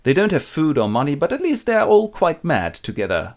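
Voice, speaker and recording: A man presents a classic tragedy as comedy with toy figures. His voice is fairly high and swings up and down a lot. His asides are wry and deadpan. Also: fairly quick, hardly any pauses. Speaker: presenter retelling a play. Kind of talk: comic storytelling with toy figures.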